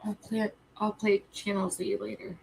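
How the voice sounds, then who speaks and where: A young woman talks casually to her live-stream viewers, choked up and close to tears. She keeps stopping to collect herself, and her asides trail off softly. Her voice sits at an ordinary middle pitch. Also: level tone, moderate pace, vocal fry, slightly rough, low-quality recording.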